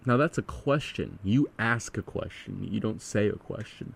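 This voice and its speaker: A man's voice: medium pitch, lively intonation, a little slow, gravelly, long pauses, slightly rough. A man hosting a podcast, chatting casually about music in an earnest way and asking leading questions. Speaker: podcast host.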